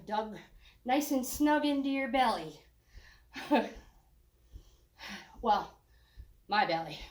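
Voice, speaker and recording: A woman's voice: fairly high pitch, reverberant. An older woman leading a walking workout. She is out of breath, jokes, and sighs between her encouraging cues. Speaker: fitness instructor.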